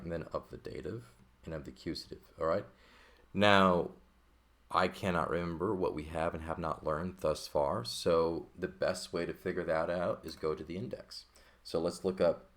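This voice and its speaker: A man's voice: sits low, a bit bright. A man teaching a recorded textbook lesson, explaining patiently and checking in often with "okay" and "right". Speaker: Greek teacher.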